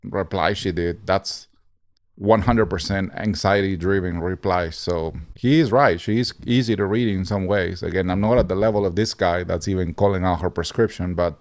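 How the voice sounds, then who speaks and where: A middle-aged man talks over a video he is reacting to, passing blunt judgments on what he hears. His voice sits very low, and the sound is close and dry with no room around it. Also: moderate pace, darkish tone, no echo. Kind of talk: commentary on a played clip.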